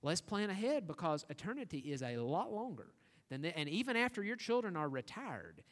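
A high-pitched man preaches, pressing his listeners with earnest rhetorical questions. His voice rings out with a long reverb that fills the church hall. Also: a bit bright. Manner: earnest, rhetorical questions, rising to emphatic reading. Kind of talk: sermon.

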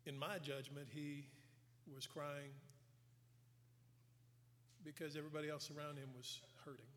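A man preaching a sermon, earnestly retelling scripture and dropping his voice soft for emphasis. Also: fairly high pitch, flat delivery, unhurried. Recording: long hall reverb.

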